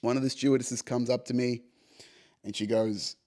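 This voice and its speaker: A man's voice: mid-range voice, steady tone, normal speed, a little mellow. A young man hosting a podcast, telling a personal story casually and animatedly, swearing freely and saying "you know" and "right" often. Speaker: podcast host.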